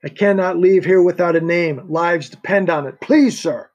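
A determined male agent, read by a male narrator, firm and insistent as he keeps pressing for help. The voice is husky and sits a little high. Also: normal speed, a little mellow, muffled recording. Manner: firm, pleading. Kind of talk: audiobook character voice.

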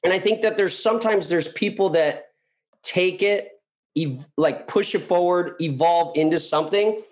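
A man's voice: high voice, moderate pace, poor audio. A man as a guest, telling a story in casual chat and acting out what other people said, with lots of "like" fillers. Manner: animated, acts out quoted people, many fillers.

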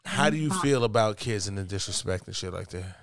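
A man's voice: fairly low pitch, animated, brisk, a bit bright. A man in his thirties hosting a casual podcast chat, venting and swearing freely. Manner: profane, venting. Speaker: podcast host.

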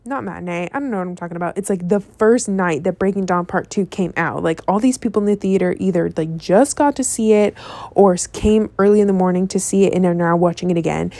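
Gravelly, rambling woman telling a story. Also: lowish voice, fast, dry recording. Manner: rambling, animated, heavy swearing and filler words. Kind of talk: casual storytelling.

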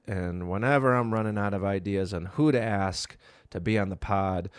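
A man's voice: lowish voice, no echo. A man co-hosting a podcast, dry and teasing, swearing casually between scripted intros. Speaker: podcast co-host.

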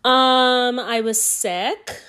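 A woman hosting a solo podcast, hoarse from a cold, talking in a rambling, profane and playfully sassy way. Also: on the high side, drawn-out words, pushed and bright. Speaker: podcast host.

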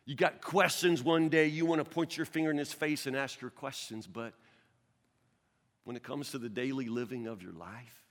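A man's voice: mid-range voice, normal speed. Earnest stammering male pastor in a hall. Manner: earnest, stammering restarts, swings from loud to hushed. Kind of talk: sermon.

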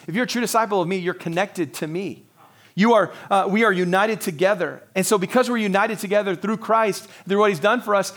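A man with a fairly high voice delivers a Sunday sermon as the pastor, chatting with the congregation more than lecturing. He drops into short acted-out exchanges and chuckles along the way, keeping it loose and personal. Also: fairly bright tone. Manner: conversational preaching, acts out dialogue with God, laughs often.

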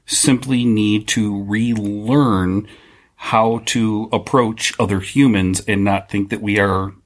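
A man's voice: fairly low pitch, steady tone, takes it slowly. A man co-hosting a podcast, speaking in an earnest, frank way. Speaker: podcast co-host. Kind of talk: casual chat.

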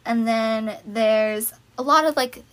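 Chatty young woman, slightly high voice. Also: takes it slowly. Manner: chatty, listing items with excited asides. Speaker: fan video creator. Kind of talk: casual lyric analysis talk.

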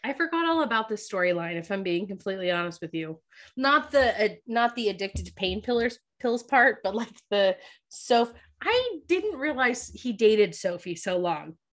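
Chatting about a TV episode on a podcast mic, this co-host speaks at a moderate pace in a mid-range voice. She laughs a great deal, stays animated and giggly, and performs lines from the show.

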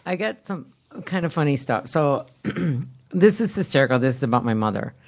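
A woman co-hosting a podcast, telling funny stories in a chatty, animated way. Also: deep voice, moderate pace. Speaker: podcast co-host. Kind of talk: casual storytelling chat.

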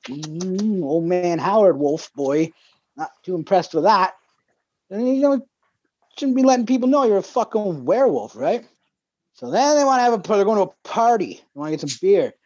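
A man's voice: high voice, lively intonation, moderate pace, a little mellow. A man co-hosting a podcast, telling a rambling story full of swearing in casual chat. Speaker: podcast co-host. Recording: dull lo-fi dry sound.

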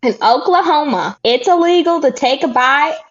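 A young woman co-hosting a podcast in casual chat, bubbly and quick to laugh. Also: sits high, animated, muffled recording. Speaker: podcast co-host.

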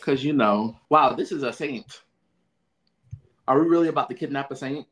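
A man's voice: mid-range voice, normal speed. Chill guy summing up episode plot, joking around, medium voice. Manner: relaxed, joking plot summary. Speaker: podcast co-host. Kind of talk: casual TV recap chat.

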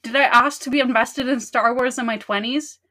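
A woman's voice: fairly high pitch, steady tone, moderate pace, sharp tone. An Irish woman hosting a podcast, chatting in a playful, jokey way. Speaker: podcast host. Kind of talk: casual chat.

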